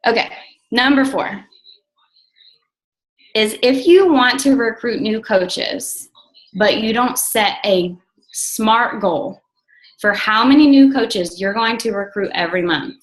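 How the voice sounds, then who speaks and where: Young woman team coach, casual and blunt, excitable, swears freely. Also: on the high side, slow, long pauses, poor audio. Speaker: team coach leading a call. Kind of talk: casual motivational team call.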